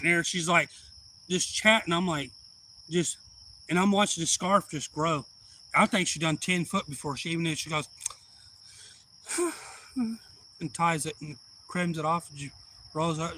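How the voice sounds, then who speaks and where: A man's voice: a little high, unhurried, pauses often, pushed and bright, a little hiss or hum, low-quality recording. A man telling a rambling family story on a livestream, folksy and swearing freely. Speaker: livestream host. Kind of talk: casual storytelling.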